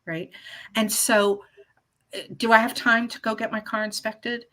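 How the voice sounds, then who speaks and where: Playful, lively woman in her fifties. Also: fairly high pitch, a little slow. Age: 50s. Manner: lively, playful, restarts often, acts out little scenes. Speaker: guest, life coach. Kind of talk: casual interview chat.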